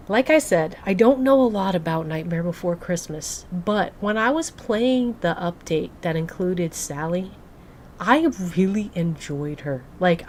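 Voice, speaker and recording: She's a young game streamer with a lowish voice, heard over slight background noise. Her casual chat with viewers is bubbly and gushy, crammed with "like" fillers.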